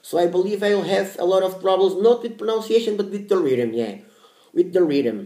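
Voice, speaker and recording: A man's voice: high voice, lively intonation, fairly quick, warm tone, reverberant. A man whose first language is Portuguese, giving unscripted language-learning advice on his vlog and thinking aloud as he searches for words.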